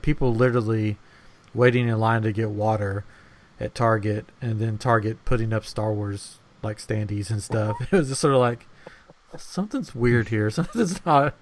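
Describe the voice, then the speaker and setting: A man's voice: mid-range voice, slight background noise. A man hosting a podcast in casual chat. He is upbeat and teasing, and he often laughs. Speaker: podcast host.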